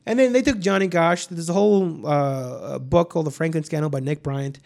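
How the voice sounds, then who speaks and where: A man's voice: a little high, moderate pace, gravelly, darkish tone. A man hosting a podcast, telling a story in rambling casual chat, full of restarts and swearing. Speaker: podcast host.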